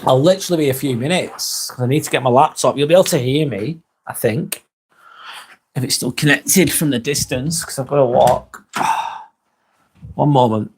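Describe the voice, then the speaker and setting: A man's voice: medium pitch, normal speed, slight background noise. A man hosting a casual live stream on his phone, reading out viewer comments with dry jokes and casual swearing.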